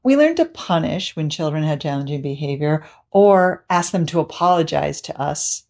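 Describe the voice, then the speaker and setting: Brief: woman therapist, measured explanatory delivery, lowish mellow voice. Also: animated. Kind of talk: scripted educational talk.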